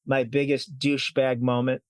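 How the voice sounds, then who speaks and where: A man's voice: mid-range voice, level tone, moderate pace, dry recording. A middle-aged man hosting a casual chat, telling stories with a teasing, self-mocking edge. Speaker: podcast host.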